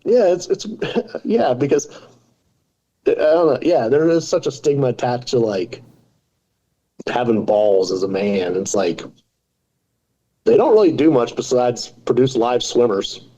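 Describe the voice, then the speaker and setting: A man's voice: medium pitch, expressive, measured pace, long pauses, mellow, muffled recording. A man in his forties, a podcast guest, talking casually and telling self-deprecating jokes. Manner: joking, self-deprecating storyteller. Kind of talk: casual interview talk.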